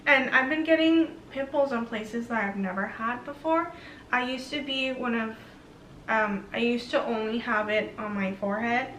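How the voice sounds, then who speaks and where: A woman's voice: on the high side, normal speed, fairly bright tone, a little hiss or hum. Chatty young woman, roomy distant sound. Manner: chatty, rambling, frequent "like" and "um". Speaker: vlogger. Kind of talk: casual chat to camera. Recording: roomy, slightly distant mic.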